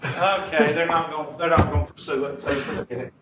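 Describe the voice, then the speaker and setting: A man's voice: a little high, steady tone, brisk, crowd noise. A man with a Southern US accent teaching a math class, joking and teasing his students in a folksy way. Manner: teasing, folksy, heavy on "y'all". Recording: echoey classroom, distant, dull lo-fi.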